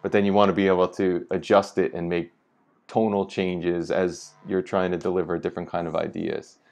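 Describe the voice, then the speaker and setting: A man's voice: low voice, level tone, moderate pace, creaky, a little mellow. A man interviewing a guest in casual chat, often nodding along and summing up her points.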